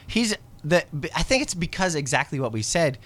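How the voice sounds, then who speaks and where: Guy hosting a podcast, swears a ton, voice jumps all over, kinda high. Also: moderate pace. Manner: profane, animated, laughs often. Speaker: podcast host. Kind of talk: casual chat.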